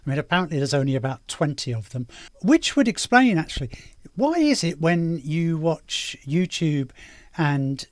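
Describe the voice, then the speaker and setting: A man's voice: a little high, expressive, normal speed, a little mellow, no room sound. A man hosting a reaction video, talking in a mocking, rambling way with lots of fillers. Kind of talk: casual sarcastic commentary.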